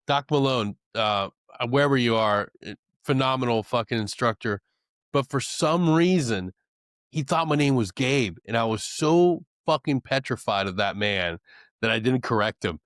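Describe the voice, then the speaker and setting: A man's voice: medium pitch, expressive, normal speed, fairly bright tone, dry recording, clean studio sound. A man co-hosting a podcast, telling profane stories and laughing often in casual chat. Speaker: podcast co-host.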